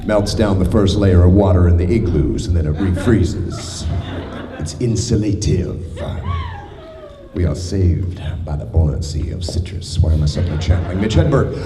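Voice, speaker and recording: A man's voice: deep voice, lively intonation, moderate pace. Canadian man joking on a convention panel. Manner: rambling, impish, prone to sudden silly voices. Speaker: voice actor convention guest. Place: large convention hall with an audience. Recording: echoey hall with crowd noise.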